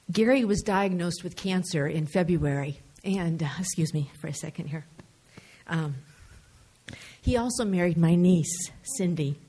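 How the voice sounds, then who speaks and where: An older man speaks at a public hearing, his voice halting and tearful. He stumbles through his words with many pauses and restarts, and the emotion sits close to the surface throughout. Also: a little high, a little mellow. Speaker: public commenter.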